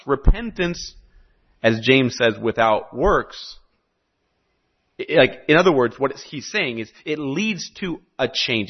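A man preaching a sermon in an animated, conversational way with joking asides. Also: fairly high pitch, husky. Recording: dull lo-fi recording.

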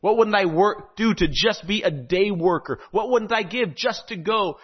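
A man voicing a desperate, humbled young man who pleads in a halting way. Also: sits high, husky, long reverb tail, pitched above the performer's own voice. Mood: pleading. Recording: dull lo-fi recording.

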